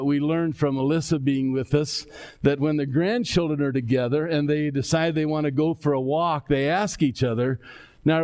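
A man's voice: fairly high pitch, a little mellow. An older man, a pastor, preaching a reflective sermon and at times voicing the words he imagines from scripture. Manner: reflective, imagines the speech of the scripture figures aloud.

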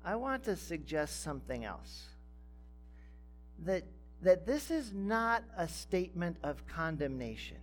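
Slow, deliberate male pastor preaching. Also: on the high side, very animated, faint music behind. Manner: slow and deliberate, with emphatic rising phrases. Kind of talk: sermon.

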